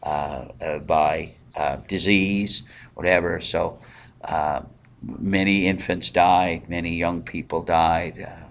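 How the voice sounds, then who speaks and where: A man's voice: deep voice, steady tone, vocal fry. Man teaching a casual Bible study. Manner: conversational, asks the group questions, halting with fillers.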